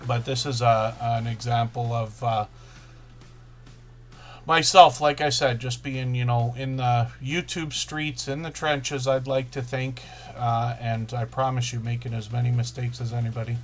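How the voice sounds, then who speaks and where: Guy hosting a live chat, talks fast, trips over his words, little bit of music behind. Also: medium pitch, little pitch movement. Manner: fast-talking, self-correcting, chatty. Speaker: livestream host.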